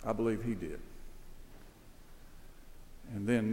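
Male preacher, mid-pitched, earnest sermon delivery with emphatic swells, long hall reverb. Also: expressive, moderate pace. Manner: earnest, rises to emphatic peaks then drops low. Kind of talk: expository sermon.

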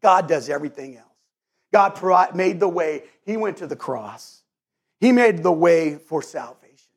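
A man pastor preaching a sermon in an earnest, halting way, often restarting and repeating words. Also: a little high, lively intonation.

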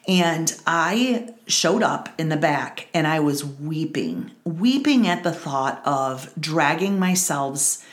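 A woman's voice: sits low, reverberant. A middle-aged woman hosting a Bible study, giving an earnest personal testimony and repeating phrases for emphasis.

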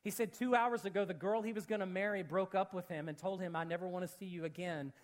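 Male pastor, light high voice, lively preaching with acted-out quotes. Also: fast talker. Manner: animated, jokey, acts out quotes, shifts to low earnest tone. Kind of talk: sermon storytelling.

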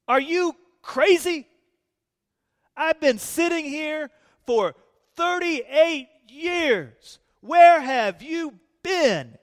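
A man voicing a bitter, long-sick man who complains loudly in disbelief, with a long hall echo. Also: very high-pitched, expressive, extremely slow, few pauses, voice pushed up, exaggerated voice. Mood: incredulous. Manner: whiny, incredulous, raised voice.

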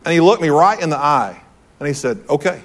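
A man's voice: a little high, animated, a little fast. A man preaching to a room, telling a personal story in an earnest, storytelling way and repeating his key phrases. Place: church hall with audience.

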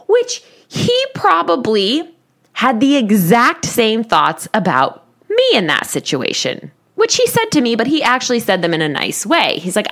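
Woman in her thirties, coach, candid storytelling, self-deprecating, lively pitch swings. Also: unhurried. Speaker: life coach. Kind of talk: personal storytelling to listeners.

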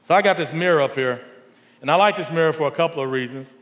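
Male pastor, high and bright, animated sermon delivery, long hall reverb. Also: fast talker. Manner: animated, rising to near shouts in stories. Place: large church hall.

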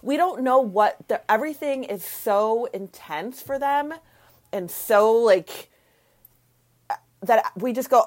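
A woman's voice: on the high side, lively intonation, takes it slowly. A woman who works with families, explaining in casual chat and acting out what babies and parents might say.

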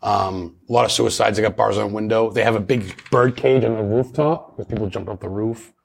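A man's voice: lowish voice, fairly even intonation, a little fast, vocal fry. A man talking as a paranormal investigator guest in a casual interview, chatty and rambling with many restarts.

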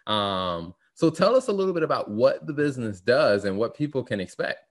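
A man's voice: medium pitch, big pitch swings, fairly quick. A man interviewing a guest in casual conversation, often affirming with short replies. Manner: affirming, says "gotcha" often.

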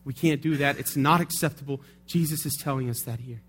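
A man's voice: medium pitch, fairly quick, fairly bright tone, husky. A male pastor preaching a sermon in a conversational way, often checking in with tag questions.

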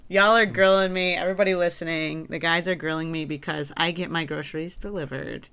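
A young adult woman co-hosting a casual podcast, animated and jokey, slipping into playful baby talk. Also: on the low side, brisk. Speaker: podcast co-host.

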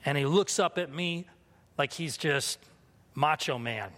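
A high-voiced man in his thirties preaches to his congregation in a candid, self-mocking storytelling manner. His voice carries a long reverb from the hall he speaks in. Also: measured pace, a bit bright. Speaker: pastor. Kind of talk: sermon with personal story.

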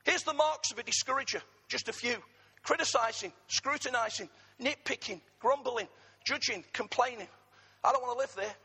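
A middle-aged man from England preaching a sermon, husky in tone, with humorous asides to the congregation. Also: extremely high pitch, pushed and bright, big-room sound. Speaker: pastor.

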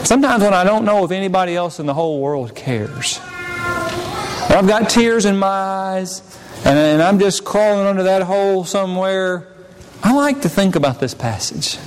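A man preaching a sermon, his delivery impassioned, swinging between loud pleas and hushed, quiet passages. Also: sits high, in a large hall, background noise. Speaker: pastor.

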